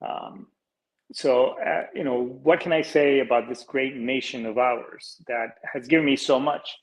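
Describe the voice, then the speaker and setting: A man's voice: mid-range voice, steady tone, a little slow, poor audio. A Colombian-born man in his forties hosting a podcast, talking earnestly in a rambling, casual way, with lots of fillers, restarts and casual swearing. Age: 40s. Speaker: podcast host.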